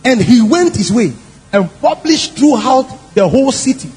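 High-voiced, lively male preacher. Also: moderate pace, slightly rough. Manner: animated and emphatic, asks the congregation questions. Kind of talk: sermon. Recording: long hall reverb, faint music.

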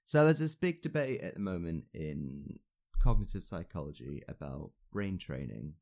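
A man's voice: sits low, big pitch swings, moderate pace, darkish tone. A young man, a university student, chatting casually and rambling a little with fillers. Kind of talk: casual podcast chat.

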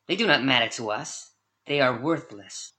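A man's voice: mid-range voice, animated, normal speed, pushed and bright, pitched above the performer's own voice. Man voicing Candy, a sweet cruel girl. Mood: defiant. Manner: sweet, mocking and defiant. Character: cruel teasing young girl, newly grown. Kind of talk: audiobook character voice.

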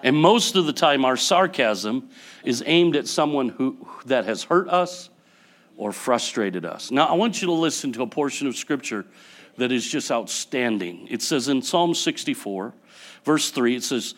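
A man preaching a sermon to his church, building up to loud passionate peaks and then dropping to quiet, soft passages. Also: mid-range voice, expressive, measured pace. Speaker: pastor.

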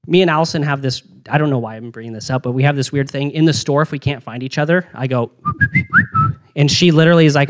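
A young man giving a casual youth sermon, energetic and slangy, with frequent restarts and asides. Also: a little high, fairly quick. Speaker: youth pastor.

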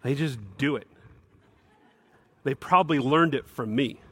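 A man's voice: a little slow, slightly rough, dry recording. Man preaching emphatically, dry close sound. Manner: emphatic preaching, rising to bursts of higher pitch. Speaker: pastor. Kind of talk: sermon.

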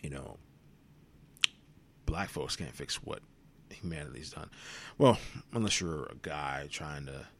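Tired young dude venting on his podcast, super low croaky voice, cusses a lot. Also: expressive, unhurried, pauses often, background noise. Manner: weary, rambling, swears freely, drops into whispers. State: worn out. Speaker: podcast host. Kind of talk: solo reflective monologue.

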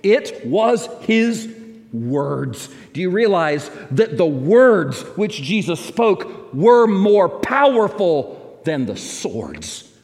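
A man preaching a sermon as pastor, dramatic, moving between loud emphatic lines and hushed ones. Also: sits high, very animated, very slow, in a large hall.

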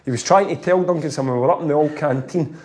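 Chatty Scottish former footballer, quick laughs. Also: male voice, fairly high pitch. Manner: animated, laughs often while telling stories. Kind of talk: casual storytelling chat.

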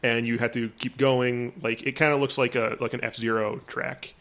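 A man's voice: medium pitch, flat delivery, moderate pace, a bit bright. A man co-hosting a casual gaming podcast, rambling with lots of fillers and restarts. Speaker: podcast co-host. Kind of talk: casual chat.

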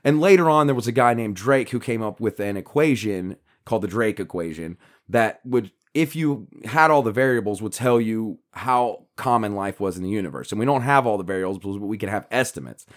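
A man's voice: fairly low pitch, animated, fairly quick, hardly any pauses. A man co-hosting a podcast, explaining a book's ideas in a rambling casual chat with many fillers and restarts. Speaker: podcast co-host.

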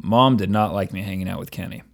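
A man co-hosting a casual chat, talking loosely with lots of filler words and quick laughs. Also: sits low, gravelly. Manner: laughs often, many fillers and restarts. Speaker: podcast co-host.

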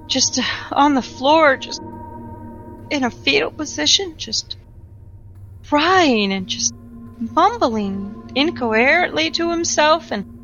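A man's voice: very high-pitched, sharp tone, muffled recording, full character voice. A woman voicing a distraught, devout man who stammers and halts through tears. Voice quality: shaky, halting, stammering.

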